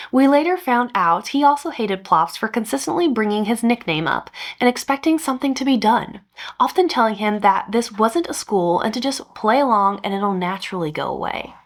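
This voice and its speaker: Brief: woman, podcast host, expressive story reading with dry humor. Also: medium pitch. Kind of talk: reading a revenge story aloud.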